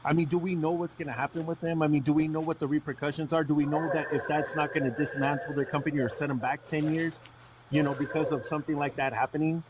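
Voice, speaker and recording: A man's voice: a little high, fairly even intonation, fast, very noisy. A man hosting a live trucking podcast. He asks probing questions and often restarts and repeats himself. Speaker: podcast host.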